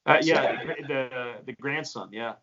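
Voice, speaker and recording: Gravelly man hosting a baseball chat. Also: mid-range voice, unhurried, crowd noise. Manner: hesitant, full of uhs and ums. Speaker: interview host. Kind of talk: casual interview chat. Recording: dull lo-fi audio.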